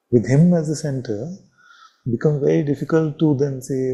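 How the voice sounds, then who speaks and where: Dark-voiced man giving a slow spiritual talk. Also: a little high, low-quality recording. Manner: slow, reflective, with long pauses and repeated phrases. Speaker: spiritual teacher. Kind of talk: satsang talk.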